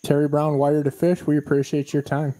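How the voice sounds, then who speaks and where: A man's voice: a little high, monotone, brisk, background noise. A man hosting a fishing podcast, talking in a laid-back, chatty and jokey way. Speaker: podcast host. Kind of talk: casual interview chat.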